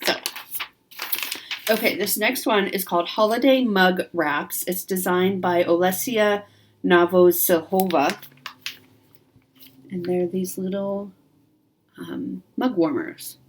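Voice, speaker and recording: A woman's voice: on the low side, takes it slowly, pauses often, a little hiss or hum. A woman hosting a craft video, chatting casually and rambling enthusiastically through a magazine. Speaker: craft channel host.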